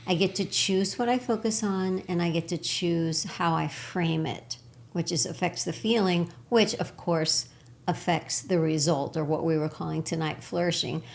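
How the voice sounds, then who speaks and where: A woman with a slightly low voice co-hosts a spiritual talk show. She is from Texas and tells stories with warm enthusiasm, laughing often between thoughts. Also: steady tone, normal speed, creaky. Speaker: co-host.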